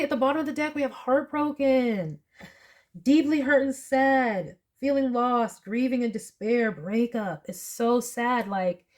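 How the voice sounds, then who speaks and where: A woman's voice: mid-range voice, a little mellow. Earnest woman tarot reader. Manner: earnest, emotional, many fillers like "like". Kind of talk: tarot reading to camera.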